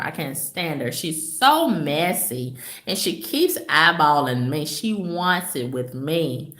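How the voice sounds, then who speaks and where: Speaking slowly in a low, animated, fairly bright voice, this woman vlogger gossips her way through a story for viewers with plenty of sass. Her pitch swoops upward to stress points, and the room adds reverb to the casual storytelling.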